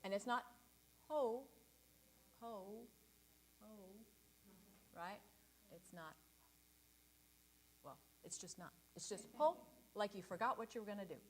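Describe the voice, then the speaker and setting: A woman leading a choir rehearsal, encouraging the singers and demonstrating breathing and staccato warm-up sounds. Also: mid-range voice, moderate pace, pauses often, husky. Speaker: choir director.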